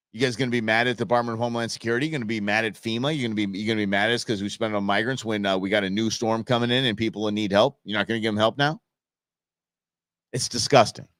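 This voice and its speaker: A man's voice: fairly low pitch, fairly bright tone, dry recording. A man hosting a live political commentary show, fired up and sarcastic, often restarting and repeating himself. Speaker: show host.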